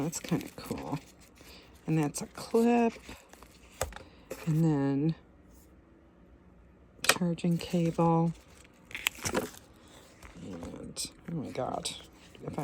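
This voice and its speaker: A woman's voice: lowish voice, background noise. A woman vlogging casually, giggling and exclaiming often as she talks. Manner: giggly, exclaims often, coos at her dog. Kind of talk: casual vlog talk.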